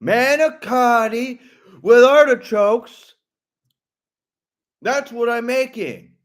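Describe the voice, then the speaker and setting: A man's voice: very high-pitched, slow pace, pitched above the performer's own voice. A man doing a comic impression of a volatile, bratty young man who shrieks and whines in angry outbursts. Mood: snapping. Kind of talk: comic impression in a casual chat.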